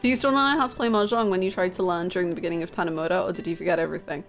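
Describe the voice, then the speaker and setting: A woman's voice: lowish voice, steady tone, rapid-fire, faint music behind. A woman streaming a game live, chatting casually, self-mocking and answering her chat aloud.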